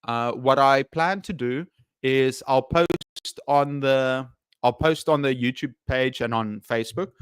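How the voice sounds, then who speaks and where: Male English teacher chatting on a live stream; hesitant, lots of fillers, smooth tone. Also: mid-range voice, a little slow, no echo. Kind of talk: casual live stream chat.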